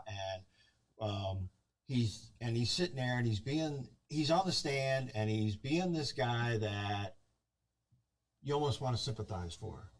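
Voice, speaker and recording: A man's voice: medium pitch, expressive, measured pace, far from the mic. A man on a movie review talk show, retelling a film's story in casual chat and acting out the scenes.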